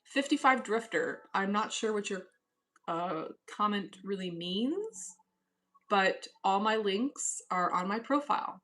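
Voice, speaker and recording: A woman's voice: mid-range voice, animated, slow pace, a bit bright. Cool, dismissive woman streaming from home. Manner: cool, dismissive, reads chat aloud. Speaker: live stream host reading chat. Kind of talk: casual live chat. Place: at home, indoors.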